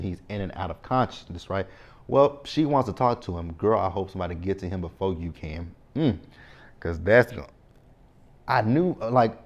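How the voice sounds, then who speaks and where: Chatty man recapping a TV episode. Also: lowish voice. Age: 30s. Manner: chatty, frequent "right?" asides, animated reactions. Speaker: recap channel host.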